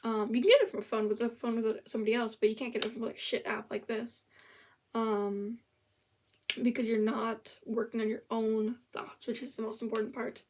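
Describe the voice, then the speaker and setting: A woman's voice: a little high, flat delivery, fairly quick, darkish tone, slight background noise. A young woman ranting in casual commentary about a language app, blunt and sarcastic, swearing freely and often restarting her sentences. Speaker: vlogger reviewing a language app.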